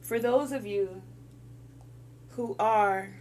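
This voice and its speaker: A woman's voice: medium pitch, very slow, a little mellow, slight background noise. A woman giving a spiritual encouragement talk, coaching listeners through breathing exercises. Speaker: spiritual guide.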